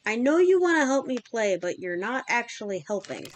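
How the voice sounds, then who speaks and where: A woman's voice: fairly high pitch, sing-song, a little fast, a little hiss or hum. A woman in her thirties chatting casually and rambling with fillers while streaming a game. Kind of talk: casual chat while gaming.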